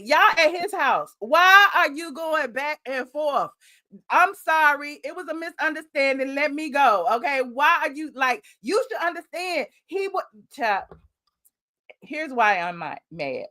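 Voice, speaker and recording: A woman's voice: mid-range voice, creaky, a bit bright. A woman hosting a commentary show, reacting bluntly and sassily to a viral video. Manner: blunt, sassy and outspoken.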